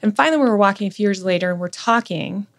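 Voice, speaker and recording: A woman in her forties, a podcast guest, talking earnestly and candidly in a personal conversation, often dropping to a hushed low voice. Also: very fast.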